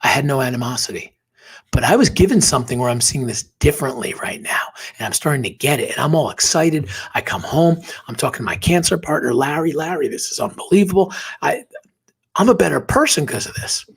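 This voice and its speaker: A man's voice: fairly high pitch, animated, brisk, gravelly, breathy edge. A man guesting on a podcast, telling a personal story earnestly and emotionally, dropping to a whisper at tender moments.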